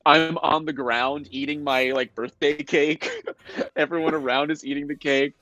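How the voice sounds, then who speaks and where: A man's voice: a little high, normal speed, no echo, highs cut off. A man, a guest actor on a live video call, telling behind-the-scenes stories in a casual chat with playful mock indignation. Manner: animated storyteller, mock-indignant self-defense. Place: home, indoors.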